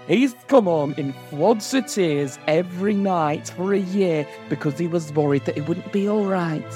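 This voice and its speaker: A man's voice: sits high, normal speed, a little mellow, faint music behind, close to an everyday voice. Man putting on a pompous outraged parent. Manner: haughty, theatrical outrage. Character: indignant pompous parent writing a complaint. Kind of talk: comedy sketch performance.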